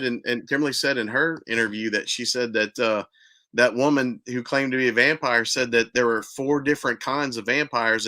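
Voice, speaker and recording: A man's voice: mid-range voice, sharp tone. A man from New Orleans hosting a podcast, reacting and commenting in casual chat. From New Orleans, United States. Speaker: podcast host.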